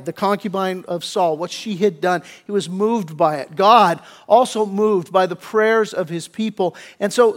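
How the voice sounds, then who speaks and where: A male pastor preaching a sermon emphatically, with frequent restarts, sometimes dropping to a hushed, soft voice. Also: sits high. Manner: emphatic preaching with many restarts, voicing biblical figures in quotes; drops to a hushed, soft voice in tender moments.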